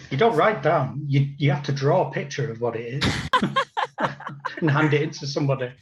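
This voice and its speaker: A man's voice: a little high, sing-song, normal speed. A man guest on a comedy podcast panel, dry and noncommittal, over a dull lo-fi line with noise.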